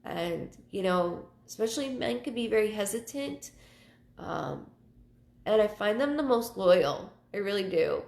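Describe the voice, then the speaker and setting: A woman psychic medium hosting her live show, chatting casually and telling personal stories in a halting way, often repeating words. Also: medium pitch, lively intonation, creaky, a little mellow. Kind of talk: casual livestream talk. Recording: roomy echo.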